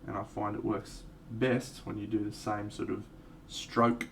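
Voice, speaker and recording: Low-ish gravelly guy casually chatting thru his miniature painting, kinda self-mocking, sounds a bit far from the mic. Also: unhurried. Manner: relaxed, rambling, self-mocking asides. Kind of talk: casual live tutorial talk. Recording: distant mic with faint background noise.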